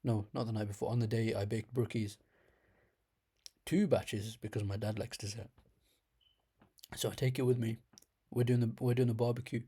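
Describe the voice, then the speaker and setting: A young man with a slight lisp, hosting as a storyteller, recounts a rambling, comic story about his dreams in a casual manner, now and then laughing at himself. He speaks at a moderate pace in a steady, medium-pitched voice that is dark with a breathy edge.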